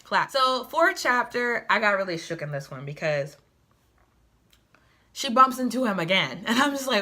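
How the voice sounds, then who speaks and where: Sassy, bright-voiced woman book reviewer. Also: medium pitch, normal speed. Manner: sassy, chatty, animated asides. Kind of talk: casual book review vlog.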